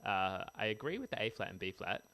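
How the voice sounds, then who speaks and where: A man with a low voice and a gravelly edge explains music theory in a relaxed, chatty way. He sounds tired after a bad night's sleep and scats rhythms now and then. A musical instrument plays faintly behind him. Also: fairly quick. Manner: chatty, sings rhythms with scat syllables. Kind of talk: casual music lesson.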